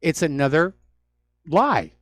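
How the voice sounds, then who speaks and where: A man's voice: on the high side, very animated, slow pace, no echo. Sardonic male talk radio host. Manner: sardonic, mocking asides. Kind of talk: solo talk radio commentary. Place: radio studio.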